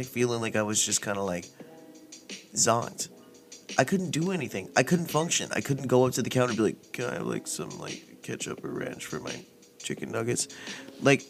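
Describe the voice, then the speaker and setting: Laid-back, rambling male storyteller. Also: medium pitch. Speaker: podcast host. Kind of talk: casual storytelling podcast.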